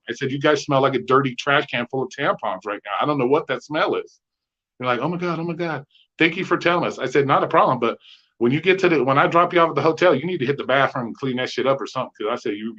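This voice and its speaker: A man co-hosting a podcast, telling rideshare stories in a profane, animated way and acting out the dialogue. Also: mid-range voice. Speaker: podcast co-host, rideshare driver. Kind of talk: casual chat, storytelling. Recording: slightly dull lo-fi sound.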